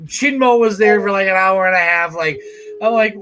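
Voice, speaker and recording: A man hosting a livestream chat, telling animated stories and laughing often. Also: sits high, normal speed, a crowd in the background. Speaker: host. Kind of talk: casual chat.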